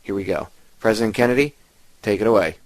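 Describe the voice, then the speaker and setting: A man's voice: on the low side, fast talker, poor audio. A man hosting a radio show, delivering an emphatic, ranting monologue straight to his listeners. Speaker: host.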